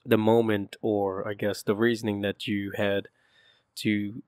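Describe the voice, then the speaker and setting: A male host with a fairly low voice, feeling his way through his questions to a guest. He sounds hesitant and careful, and the recording is dry. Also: level tone, unhurried, a little mellow, clean tone, no echo. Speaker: interviewer host. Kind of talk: conversational interview questions.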